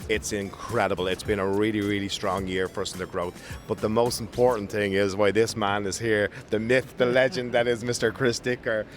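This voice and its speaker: An Irish man with a lowish voice talks up his company with eager, upbeat enthusiasm. He is being interviewed on a trade show floor, and faint music plays in the background. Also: flat delivery, brisk, few pauses. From Ireland. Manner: enthusiastic, upbeat sales talk. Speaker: toy company representative.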